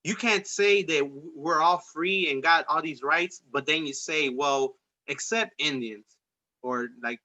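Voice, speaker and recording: A man's voice: a little high, measured pace, hardly any pauses, pushed and bright, rough recording. A man hosting a casual talk show, rambling and profane, with streetwise slang. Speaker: podcast host. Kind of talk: casual political debate chat.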